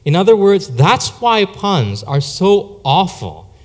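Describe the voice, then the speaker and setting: A man preaching a sermon as a pastor, telling stories in a conversational, animated way. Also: high voice, takes it slowly, faint music behind. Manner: conversational storytelling, lively. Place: church sanctuary. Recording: long church hall reverb.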